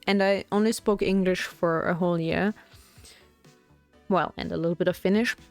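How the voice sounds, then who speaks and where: A woman's voice: fairly low pitch, fairly even intonation, moderate pace, faint music behind. A young woman streaming as a VTuber, chatting in a rambling, casual way while she paints miniatures, full of "like" fillers.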